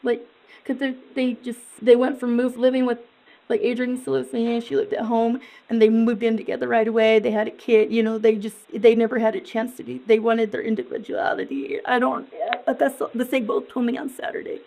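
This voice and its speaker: A distraught, dazed woman answering questions in a police interview, halting and rambling and repeating herself. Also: a little high, level tone, dark tone, poor audio.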